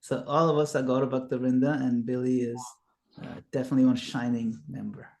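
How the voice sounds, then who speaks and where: A man's voice: mid-range voice, flat delivery, brisk, a little mellow. A man teaching a devotional class, patiently explaining terms and reassuring a student.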